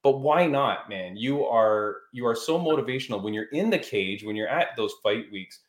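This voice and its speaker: A man's voice: medium pitch, expressive, normal speed, echoey room. A man hosting an interview podcast, asking eager, admiring questions in a casual way. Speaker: podcast host.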